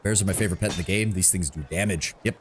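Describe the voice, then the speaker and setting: Low-voiced man streaming a game. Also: very fast, noisy background. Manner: reads dialogue aloud, adds casual asides. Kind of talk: casual gameplay commentary with dialogue reading. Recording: music playing behind.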